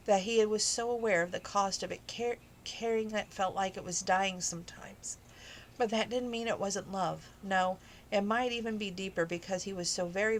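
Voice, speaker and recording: A woman's voice: medium pitch, a little hiss or hum, low-quality recording. A woman reading a romance novel aloud informally, emotional and adding personal asides. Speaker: audiobook reader.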